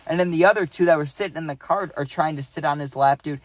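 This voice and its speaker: Brief: young male vlogger with a slightly high voice, casual, swears freely, dry close sound. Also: quick pace, no room sound. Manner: rambling, profane, says "dude" and "right?". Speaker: vlogger telling a story. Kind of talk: casual storytime.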